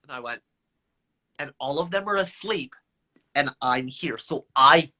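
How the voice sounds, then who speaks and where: A man in his twenties, a guest telling stories in a live video chat with high energy and a playful, self-mocking manner. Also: expressive, a little slow, pushed and bright.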